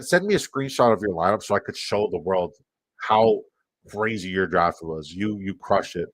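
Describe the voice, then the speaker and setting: A man's voice: lowish voice, no echo. A man with a Canadian accent, hosting a live fantasy football stream, rambling and swearing as he reacts to chat.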